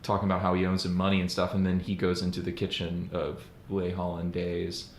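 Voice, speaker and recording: A man's voice: deep voice, completely flat delivery, a little fast. A man co-hosting a podcast, casually recapping a film scene by scene with lots of fillers. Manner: rambling recap with fillers and laughs. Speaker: podcast co-host. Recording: roomy echoey room with faint noise.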